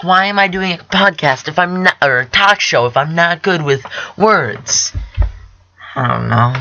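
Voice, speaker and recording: A young man hosting his own podcast, chatting about TV shows in a rambling, excitable way and correcting himself often. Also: mid-range voice, highs cut off, a little hiss or hum. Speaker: podcast host. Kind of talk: casual solo chat about TV shows.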